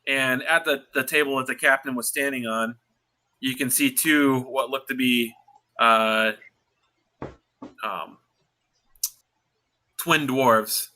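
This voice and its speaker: A man narrating a tabletop role-playing game as dungeon master, pausing often to clear his throat. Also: mid-range voice, fairly even intonation, sharp tone.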